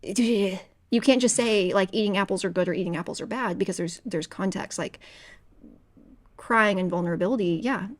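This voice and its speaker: A woman's voice: mid-range voice, moderate pace. A woman co-hosting a book podcast, talking casually with lots of fillers and acting out her own inner voice. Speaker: podcast co-host. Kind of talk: casual book-club chat.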